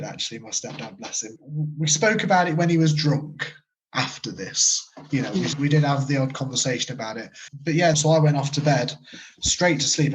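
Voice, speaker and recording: A British man in his thirties, a medium, telling spooky personal stories in a rambling, casual way full of fillers. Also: on the high side. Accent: British English. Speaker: guest, medium. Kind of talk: storytelling interview. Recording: muffled lo-fi audio.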